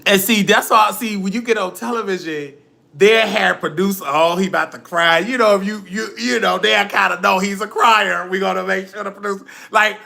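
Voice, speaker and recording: A man ranting on a livestream in a dramatic, preachy way. He cries freely and quotes scripture. His voice is gravelly yet bright and sharp. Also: high voice, a little fast. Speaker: livestream host. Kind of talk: emotional livestream rant.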